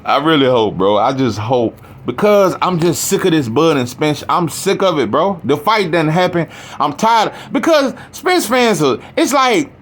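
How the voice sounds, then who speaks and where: A man in an animated, heated rant about boxing, swearing often and circling back on himself. His pitch leaps high and drops low as he gets worked up, in a loose, casual Black delivery. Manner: heated, profane, rambling with restarts. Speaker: boxing commentator.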